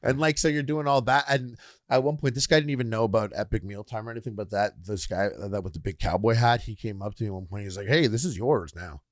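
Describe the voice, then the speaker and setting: Animated swearing man telling a story. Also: on the low side, quick pace, dry recording, studio quality. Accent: Canadian. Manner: animated, swearing, acts out quoted people. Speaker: podcast co-host. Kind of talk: casual storytelling chat.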